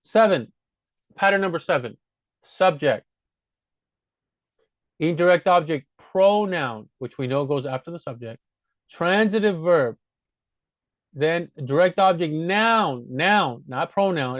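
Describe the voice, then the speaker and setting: Guy teaching grammar, kinda high voice, patient, says stuff twice, muffled dry recording. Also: expressive, normal speed, pauses often, no echo. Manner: patient, repeats points to drive them home. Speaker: language teacher. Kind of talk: casual spoken grammar lesson.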